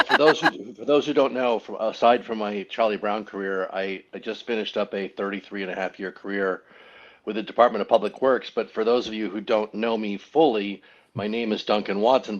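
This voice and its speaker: A middle-aged man talks casually with a joking, self-deprecating manner and laughs often. His voice sits a little low, and the audio is slightly dull and lo-fi. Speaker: guest, former child voice actor. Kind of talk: casual panel chat.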